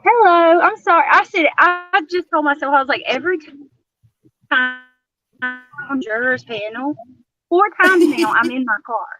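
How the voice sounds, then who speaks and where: A middle-aged woman, talking earnestly and haltingly on a livestream panel from her car. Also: high-pitched, over music. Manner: earnest, halting, with many fillers. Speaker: juror on a panel. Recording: dull, lo-fi, dry call audio from a car.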